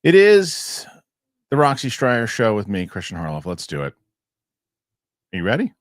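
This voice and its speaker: Man, host, casual chat, rambling, jokey, deep-ish voice, dry sound. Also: wildly swooping pitch, normal speed, no echo. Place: New York studio.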